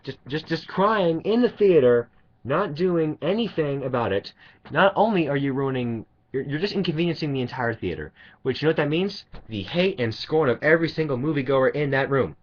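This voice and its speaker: Profane ranting man, husky voice. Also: a little high, animated, normal speed. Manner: angry, profane, sarcastic, rambling. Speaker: vlogger. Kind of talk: ranting monologue. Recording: dull lo-fi recording.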